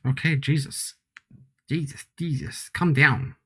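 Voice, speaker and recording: A man's voice: medium pitch, animated, moderate pace, fairly bright tone. A young man streaming a video game, chatting casually, giggling and teasing himself. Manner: chatty, giggly, self-mocking. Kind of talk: casual gameplay commentary.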